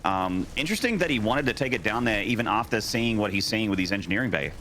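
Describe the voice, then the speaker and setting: A man co-casting a live esports match, explaining strategy in a measured way with playful asides. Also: lowish voice, lively intonation, pushed and bright, slight background noise. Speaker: esports co-caster and analyst. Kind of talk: live game analysis commentary.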